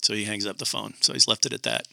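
A man hosting a casual talk show, telling a story in an animated way and acting out the phone voices. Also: fairly low pitch, fast, creaky, no room sound, studio quality.

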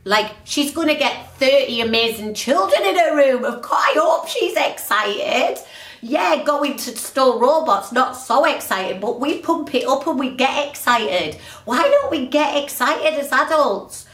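A woman hosting her own podcast, talking in a chatty, animated, ranting way. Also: high voice, measured pace, far from the mic. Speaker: podcast host. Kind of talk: casual motivational monologue. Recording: roomy echo, a little off-mic.

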